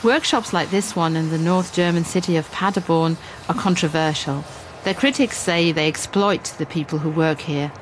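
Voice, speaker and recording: A woman reporter and presenter narrating a scripted radio documentary in a measured, clear way. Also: low voice, a little hiss or hum.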